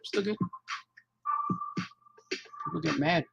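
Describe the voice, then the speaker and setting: Gravelly-voiced man on a drawing stream. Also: on the high side, slow, background noise. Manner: mutters along while drawing, joking with chat. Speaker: cartoonist. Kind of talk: casual live drawing stream. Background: music.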